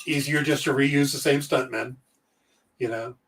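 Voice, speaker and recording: A man's voice: medium pitch, steady tone, measured pace, fairly bright tone, recorded from a distance. A man co-hosting a casual podcast chat, cracking jokes and telling stories. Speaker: podcast co-host.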